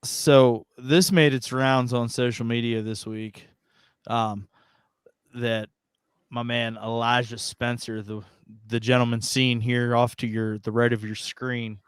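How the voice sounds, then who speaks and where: A man co-hosting a casual talk podcast, rambling through his points with a sarcastic edge. His voice sits at an ordinary middle pitch. It's recorded close and dry, with no room sound at all. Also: level tone, takes it slowly, clear, resonant tone, no echo. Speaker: podcast co-host. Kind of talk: casual chat.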